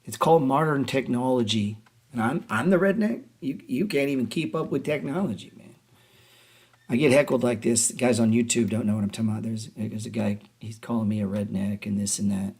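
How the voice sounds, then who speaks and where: A man hosting a trading show, delivering a heated casual rant full of profanity, mockery and rapid rhetorical questions. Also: mid-range voice, creaky, a little mellow, breathy edge.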